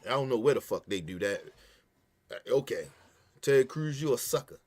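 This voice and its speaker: A man's voice: medium pitch, moderate pace. A man hosting a podcast, ranting in heated, profane casual commentary. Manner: profane, animated, emphatic ranting. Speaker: podcast host.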